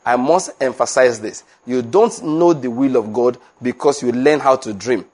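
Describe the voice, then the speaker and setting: A man's voice: moderate pace, darkish tone. Emphatic male preacher. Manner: emphatic, repeats key points, rises in pitch when pressing a point. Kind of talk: sermon.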